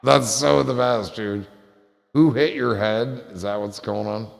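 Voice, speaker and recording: A man's voice: on the low side, measured pace, gravelly, big-room sound. A man chatting casually on a livestream, joking and rambling and swearing freely.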